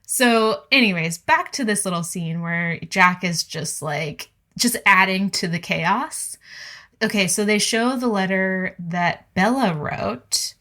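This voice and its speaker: A woman co-hosting a podcast, talking through a book in casual chat and acting out characters' lines in quick voices. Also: mid-range voice, sharp tone. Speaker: podcast co-host.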